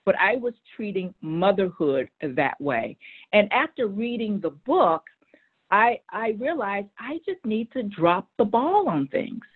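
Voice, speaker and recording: A middle-aged woman, a guest on a show, telling a personal story in an animated way, often repeating words as she starts a sentence. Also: medium pitch, measured pace, husky. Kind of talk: conversational storytelling. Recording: tinny phone-like line.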